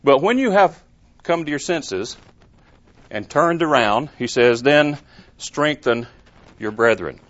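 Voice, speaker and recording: A man's voice: mid-range voice, lively intonation, takes it slowly, long pauses, fairly bright tone. A man preaching a sermon in an earnest way, stressing points with emphatic rises and rhetorical questions. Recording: muffled lo-fi recording.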